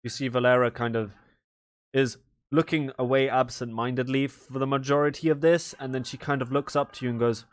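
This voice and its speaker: A man's voice: mid-range voice, fairly even intonation, fairly quick. A man narrating a tabletop game as game master, in a rambling, casual way full of fillers.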